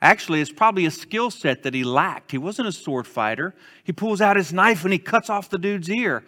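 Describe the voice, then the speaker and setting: A man's voice: sits high, fairly quick, long reverb tail. A man preaching a sermon as pastor, telling stories conversationally and acting out the quotes. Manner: conversational, animated storytelling with acted-out quotes.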